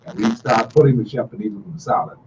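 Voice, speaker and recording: A man's voice: lowish voice, fast talker, darkish tone, recorded from a distance, muffled recording, a little hiss or hum. A middle-aged man, hosting a casual call-in radio talk show with a folksy, repetitive, storytelling manner.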